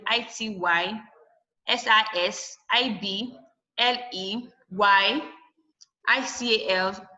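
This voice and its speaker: A woman's voice: on the high side, pushed and bright, rough recording. Firm woman teaching online. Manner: firm, instructive, spelling out endings letter by letter. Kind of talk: online class lesson. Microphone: video call.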